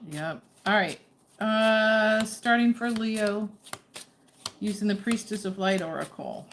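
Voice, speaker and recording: A woman's voice: fairly low pitch, a little slow, slight background noise. A woman giving a casual, chatty tarot reading, often breaking off to coax her dog over. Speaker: tarot reader.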